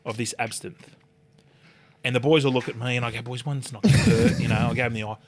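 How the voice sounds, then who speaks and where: An older Australian man spins a rowdy anecdote at a quick clip, swearing freely as he goes. He drops into the other people's voices to act out the scene, and keeps the story rolling. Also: mid-range voice, steady tone. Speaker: podcast guest. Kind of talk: animated storytelling.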